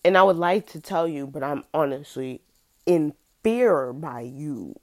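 A young woman telling a personal story in a casual, halting way, full of fillers and restarts. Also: deep voice, lively intonation, a little mellow.

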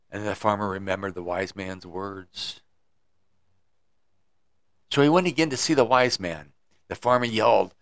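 A man's voice: on the low side, normal speed, gravelly, pauses often, fairly bright tone, dry recording. A man hosting a podcast, telling a story and reflecting on it in an earnest way, with occasional restarts. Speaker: podcast host.

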